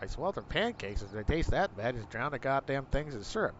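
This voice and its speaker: Hosting a gaming livestream, a middle-aged man rants casually and profanely in a mid-range, sing-song voice at a quick pace, building to angry outbursts. The stream audio is dull and lo-fi, with a faint vehicle hum underneath.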